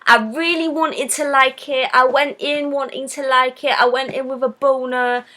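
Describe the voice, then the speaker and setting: A woman's voice: sits high, fairly even intonation, moderate pace, pushed and bright. A woman hosting a live stream, giving a blunt, sarcastic, casual film review.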